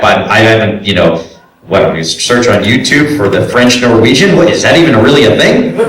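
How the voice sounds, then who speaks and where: Man, voice actor, convention panel talk, animated, acts out quotes, fairly low voice, distant mic, roomy hall echo. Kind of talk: casual panel talk with audience questions. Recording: echoey hall, voice picked up from far off.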